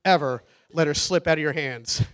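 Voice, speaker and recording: A man's voice: fairly high pitch, moderate pace, fairly bright tone. A man giving a rambling, nervous wedding toast for his brother, laughing often. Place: wedding reception.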